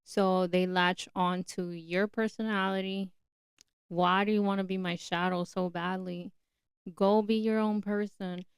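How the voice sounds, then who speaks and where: A young woman hosts her podcast in a chatty, opinionated run of talk. Her voice is smooth and clear at a middle pitch. The recording is close and dry. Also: flat delivery, measured pace, no echo. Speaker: podcast host. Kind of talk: casual solo podcast talk.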